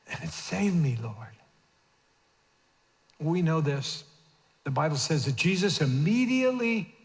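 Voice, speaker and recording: A man in his fifties preaching a sermon as senior pastor in a church auditorium, moving from hushed asides to shouted emphasis. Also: fairly high pitch, creaky. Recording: long reverb of a church hall.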